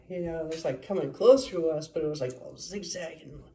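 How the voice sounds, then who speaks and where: A woman's voice: deep voice, moderate pace, mellow. A woman telling a rambling personal story in a casual, profane way, full of fillers and asides. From Las Vegas area, USA.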